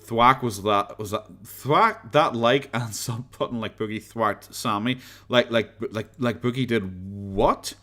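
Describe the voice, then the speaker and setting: A man's voice: medium pitch, unhurried, bright, forceful tone. A young man from Northern Ireland, a live streamer chatting casually with viewers in a rambling, blunt, profane way with frequent chuckles.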